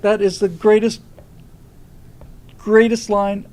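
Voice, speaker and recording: A man's voice: on the high side, steady tone, normal speed, vocal fry, dark tone, husky, poor audio. A man hosting a livestream, chatting casually and telling rambling anecdotes. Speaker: host.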